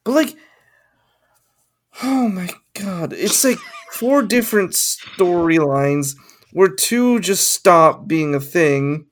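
Slow rambling podcast guy. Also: high-pitched, expressive. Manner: halting, rambling, frequent fillers and swearing. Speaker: podcast co-host. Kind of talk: casual movie review chat.

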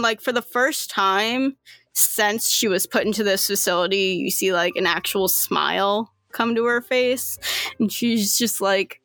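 A woman's voice: medium pitch, creaky, a bit bright, no echo. A woman narrating a tabletop game as game master, casual, with many fillers.

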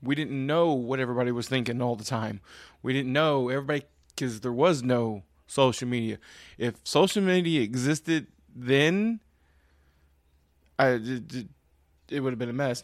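A man's voice: medium pitch, no room sound, clean studio sound. A man co-hosting a casual podcast, joking and riffing with lots of fillers and restarts. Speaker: podcast co-host. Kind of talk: casual chat.

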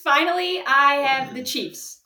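A woman co-hosting a sports podcast, reading out each matchup in a playful, giggly way. Her voice sits a little higher than most, and the recording has a noticeable echo from the room. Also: unhurried, bright, forceful tone, recorded from a distance. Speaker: podcast co-host. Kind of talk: casual sports chat.

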